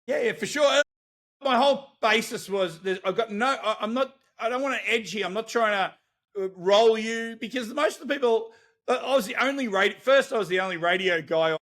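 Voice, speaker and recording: Australian man, high voice, bright tone, animated storyteller, casual podcast chat. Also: brisk. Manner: animated storytelling, laughs often. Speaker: guest, celebrity interviewer.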